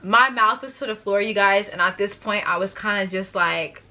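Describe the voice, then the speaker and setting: A young woman telling a story to her viewers in a chatty, animated way. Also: mid-range voice, normal speed. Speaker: vlogger. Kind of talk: story time vlog.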